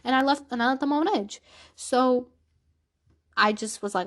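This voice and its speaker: A woman's voice: mid-range voice, fairly even intonation, brisk. A woman vlogger sharing an emotional personal faith story, earnest, repeating phrases for emphasis. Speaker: Islamic vlogger.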